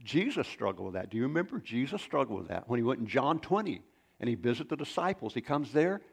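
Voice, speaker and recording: Delivering his sermon fast and in a sing-song way, this male pastor has a mid-pitched voice with a gravelly edge. He preaches as a storyteller would, folksy and loose, frequently drifting into rambling asides.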